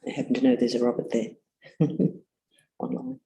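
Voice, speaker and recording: A host running a meditation session, inviting questions in a relaxed, chatty way in an echoing room. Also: medium pitch, normal speed, creaky. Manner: relaxed, chatty, laughs easily. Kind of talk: casual group facilitation. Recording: echoey room.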